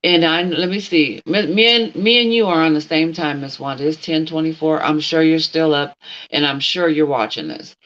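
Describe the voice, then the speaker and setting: A woman's voice: sits low, moderate pace, a bit bright, muffled recording. A middle-aged woman hosting a casual livestream, blunt and outspoken, talking straight at someone who isn't there and answering her chat. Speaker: livestream host.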